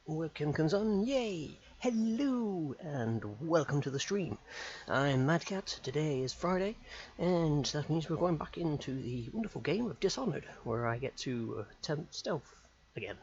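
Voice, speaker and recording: A man's voice: a little high, animated, normal speed, darkish tone, lo-fi sound. A man chatting live as a game streamer, rambling and self-deprecating. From United Kingdom. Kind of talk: live gaming stream chat.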